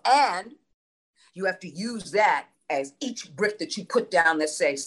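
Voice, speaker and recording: A woman's voice: on the low side, moderate pace, fairly bright tone. A middle-aged woman from New York City coaching voice actors, speaking emphatically with rhetorical questions, repetition and swearing. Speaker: voice acting coach. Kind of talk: motivational talk.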